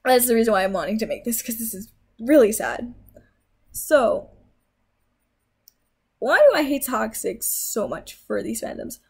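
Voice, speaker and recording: A woman's voice: fairly high pitch, lively intonation, a little slow, vocal fry, long pauses, husky. A young woman vlogger in a heated, swearing rant, scolding her viewers. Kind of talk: angry rant.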